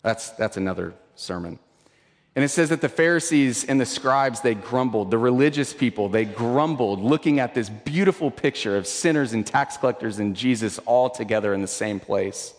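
A man in his thirties preaching a sermon as pastor, conversational, repeating words, moving between intense emphasis and hushed asides. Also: medium pitch, lively intonation, moderate pace, in a large hall.

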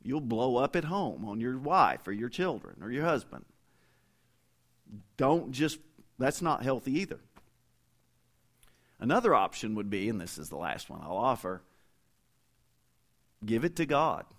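A middle-aged man preaches from the pulpit in a relaxed, conversational manner. He weaves family anecdotes into the sermon and talks straight to his listeners. His voice sits at an ordinary middle pitch. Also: unhurried, pauses often. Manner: folksy, conversational storytelling with asides to the congregation. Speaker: pastor.

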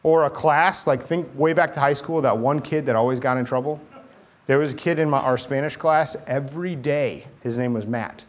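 A male pastor preaching a sermon, animated, acting out voices and asking the crowd questions. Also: mid-range voice, normal speed.

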